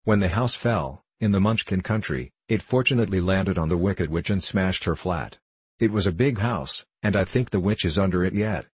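A man reading the part of a kindly, dutiful tin man emperor in an audiobook, speaking in a measured, formal way. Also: low-pitched, slightly rough, no echo. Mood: earnest.

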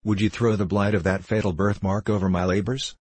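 A man's voice: fairly low pitch, little pitch movement, a little fast, a little mellow, husky, no echo. A man voicing an intense, obsessed male scientist who speaks impetuously in old-fashioned words, in an audiobook reading. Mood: earnest.

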